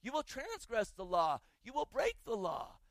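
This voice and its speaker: A man preaches a sermon in a high voice, reading scripture and turning to the congregation with rhetorical questions. The sound is dry and close, with no room echo. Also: huge pitch swings, unhurried. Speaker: pastor.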